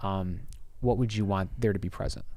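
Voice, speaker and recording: A man's voice: sits low, fairly even intonation, normal speed, warm tone, no room sound. A man co-hosting a podcast in casual chat, playful, asking lots of questions and laughing often. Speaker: podcast co-host.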